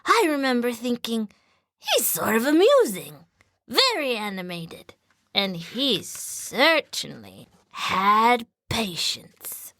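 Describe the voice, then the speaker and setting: Toto speaks up, a timid little terrier girl with an old-timey 1930s lilt, as a woman puts her on, pitched well above an everyday voice and bouncing all over. She tells her own story sincerely, desperate to please. The recording sounds close and dry. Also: sing-song, slow pace, bright, forceful tone, dry recording, full character voice. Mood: eager, sincere. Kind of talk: first-person storybook reading.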